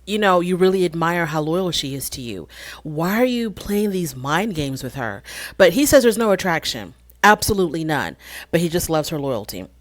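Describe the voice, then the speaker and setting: A woman's voice: lowish voice, no room sound. A woman casually recapping a reality TV episode, chatty and conversational, acting out the people she quotes and asking rhetorical questions. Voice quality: frequent fillers and restarts, rhetorical questions. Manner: chatty and conversational, retelling scenes with quoted voices.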